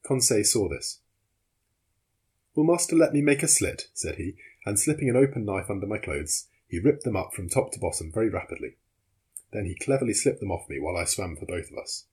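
A man narrates an audiobook in a measured, steady manner. His voice is husky and sits on the low side. He reads the story aloud without hurry. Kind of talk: scripted narration.

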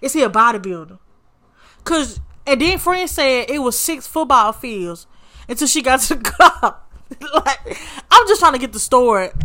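A sassy woman talks through a story in casual commentary, calling her listener honey and baby and cursing freely. Her voice is bright and sits a little high for a woman. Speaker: podcast host.

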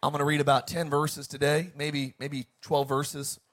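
A pastor preaches in a high, bright tenor. He jokes easily with his congregation and reads scripture aloud with real emphasis. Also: little pitch movement, moderate pace. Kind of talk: sermon.

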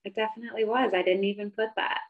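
Quick-paced and mid-range, this woman's gravelly-fried voice co-hosts a casual book chat podcast. Emphatic and animated, she rises sharply in pitch when worked up. Audio quality is dull and lo-fi.

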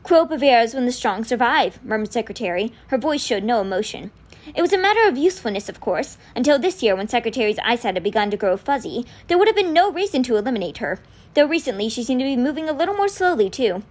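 A woman's voice: a little high, quick pace. A woman reading a novel aloud for a podcast, telling the story expressively. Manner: expressive storytelling with quoted lines read in. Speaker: podcast book reader.

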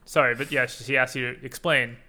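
A man co-hosting a podcast who chimes in with quick, reactive comments in casual chat. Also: mid-range voice, level tone, sharp tone. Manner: quick reactive interjections, swears. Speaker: podcast co-host.

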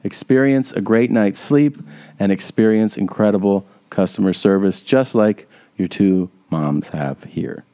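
On a podcast, a male co-host with a warm, lowish voice speaks at a measured pace. He jokes around casually while rattling off tour dates and reading ads.

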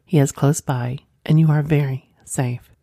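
A confident, formal male stranger who speaks in steady, measured phrases, voiced by a woman. The voice is low and warm, and the recording is close and dry. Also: no room sound.

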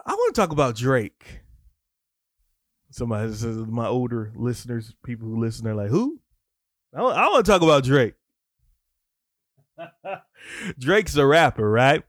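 A man's voice: mid-range voice, very animated, normal speed, pauses often, fairly bright tone, no echo, clean studio sound. A man preaching in a casual teaching style, reading scripture and breaking off into conversational, slangy asides.

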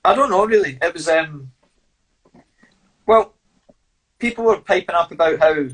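Husky man telling fight stories. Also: a little high, fairly quick, long pauses, a bit bright, rough recording. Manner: blunt, sweary, laughing storyteller. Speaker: fighter and guest. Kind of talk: casual storytelling interview.

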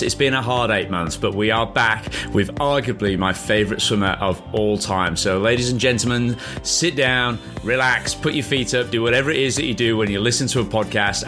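A man hosting a swimming podcast, introducing and praising his guest with eager enthusiasm. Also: lowish voice. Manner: enthusiastic, effusive. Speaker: podcast host and swim coach. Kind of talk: podcast interview.

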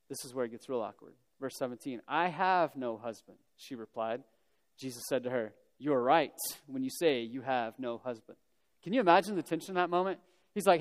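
A man's voice: medium pitch, fairly quick. A man preaching a sermon, telling the story conversationally with casual humorous asides. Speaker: pastor. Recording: long reverb of a large hall.

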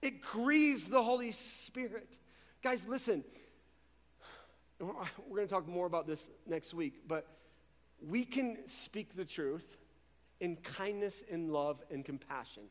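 Pastor guy preaching, high voice, chatty and animated, lots of repeated words, big church echo. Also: slow pace. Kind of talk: sermon. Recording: long reverb of a large hall.

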